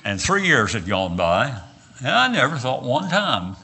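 A man's voice: mid-range voice, very animated, a little slow, gravelly, pushed and bright, breathy edge. An older man from West Virginia with a Southern accent, preaching a sermon and telling folksy personal stories with frequent "uh"s and repeated words.

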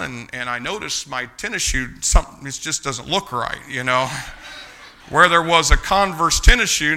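Older man, folksy yarn-spinner, very bright tense tone, chuckles through it. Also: fairly high pitch. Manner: folksy, chuckling, acts out the motions. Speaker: storyteller. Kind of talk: casual spoken storytelling.

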